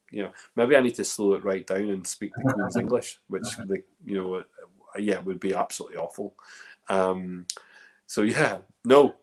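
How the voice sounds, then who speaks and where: Rambling Northern Irish man hosting a tasting. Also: lowish voice. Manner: chatty, rambling, lots of fillers and restarts. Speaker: host of a whiskey tasting. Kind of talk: casual live-stream chat.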